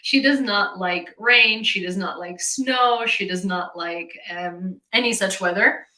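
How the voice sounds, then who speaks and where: A woman from Ukraine hosts a casual livestream and tells an everyday story in a loose, chatty way. Her voice is bright and clear, and it sits at a middle pitch. The room around her sounds echoey. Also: a little slow. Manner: chatty storytelling, reads out chat comments. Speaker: livestream host.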